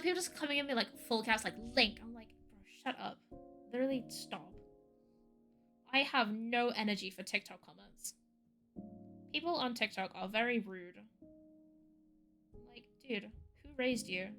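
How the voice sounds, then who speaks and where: In a sharp-toned voice on the high side, a woman streams from home and talks at normal speed. Her casual chat is rambling and ranty, packed with "like". Faint music plays in the background.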